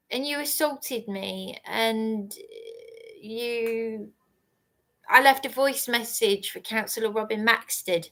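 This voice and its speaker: A woman's voice: on the high side, slow pace, bright, forceful tone. A woman ranting angrily on a livestream, accusing and repeating herself. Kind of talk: angry livestream rant.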